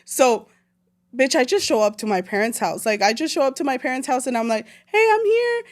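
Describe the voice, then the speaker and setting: As a podcast guest, this late-twenties Salvadoran woman tells a personal story fairly quickly in a fairly high voice. Her chat is casual, animated and slangy, weaving Spanish phrases into English.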